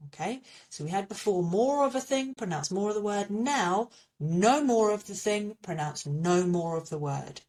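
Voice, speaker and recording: A woman's voice: mid-range voice, expressive, normal speed, darkish tone, recorded from a distance. A woman with an English accent teaching a French pronunciation lesson, patiently repeating little memory tips.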